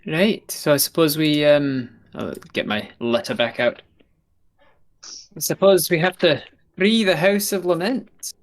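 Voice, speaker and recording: A man playing a tabletop role-playing game, describing actions and giving measured, earnest speeches in character. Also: fairly high pitch. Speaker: player.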